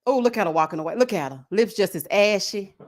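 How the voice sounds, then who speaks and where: A woman hosting a casual live chat, animated and laughing often, drawling endearments like "baby" and "child". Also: mid-range voice, fast. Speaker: livestream host.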